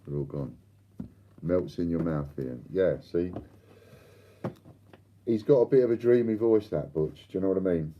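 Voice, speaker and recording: A man's voice: deep voice, moderate pace, long pauses, highs cut off, a little hiss or hum. An older man hosting a live stream, chatting and bantering with viewers and reading out their comments. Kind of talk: casual chat to live viewers.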